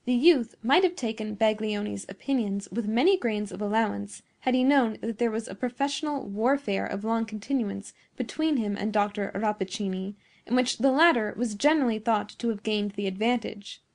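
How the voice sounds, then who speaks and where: A woman reading a classic story aloud in a measured, formal narration. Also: fairly high pitch, a little mellow. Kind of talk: scripted narration.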